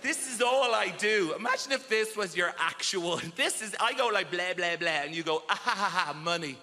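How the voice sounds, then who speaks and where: A man doing a stand-up comedy set on a theatre stage, animated and shouting his punchlines. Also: high-pitched, moderate pace, heavy background noise. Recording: echoey theatre with loud crowd laughter.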